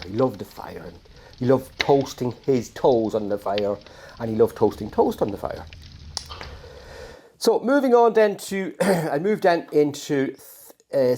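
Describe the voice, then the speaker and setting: A man's voice: medium pitch, darkish tone. An Irish man reading his own poems outdoors, with rambling, self-mocking asides about his life. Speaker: poet reading his work. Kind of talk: poetry reading and personal storytelling. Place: outdoors on a farm.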